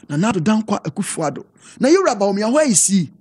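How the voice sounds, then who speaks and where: A man's voice: high-pitched, sing-song, very fast, a little mellow, slightly rough. A man with a Ghanaian accent arguing hard on a political panel, mixing English with Twi in an emphatic, insistent way. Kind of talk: heated political panel debate.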